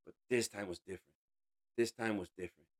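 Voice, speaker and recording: Lowish-voiced guy telling his story, earnest, says bro a lot, gets loud then real quiet. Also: a little fast. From United States. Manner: earnest and emotional, calls the listener bro; swings between raised intensity and hushed quiet. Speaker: interview guest. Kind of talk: personal testimony.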